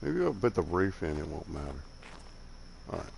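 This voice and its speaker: An older man with a Southern accent, softened by years in the Midwest, rambles in a laid-back way as he plays a game. His voice sits low, and faint noise runs under it. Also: very animated, moderate pace, vocal fry. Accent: Southern US with some Midwestern. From Alabama, southern United States. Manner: rambling, laid-back, chuckling, drifts off while building. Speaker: game streamer. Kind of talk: casual chat while playing.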